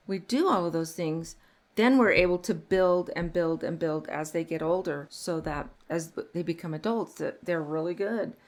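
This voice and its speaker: A middle-aged woman hosting a parenting podcast, talking earnestly and getting animated when she tells stories. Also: on the low side, vocal fry. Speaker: podcast host. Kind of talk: casual parenting podcast chat.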